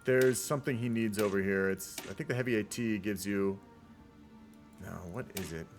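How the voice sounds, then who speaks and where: A man's voice: fairly low pitch, moderate pace, soft background music. A man casually commentating a multiplayer strategy game on a live stream, rambling into laid-back asides and swearing often.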